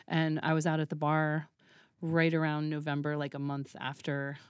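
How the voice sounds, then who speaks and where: A woman's voice: low voice, moderate pace, smooth. A woman guest in a casual interview, telling stories with a lot of laughter and acting out the dialogue she quotes. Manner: animated, laughs often, acts out quoted dialogue. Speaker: podcast guest, burlesque troupe founder.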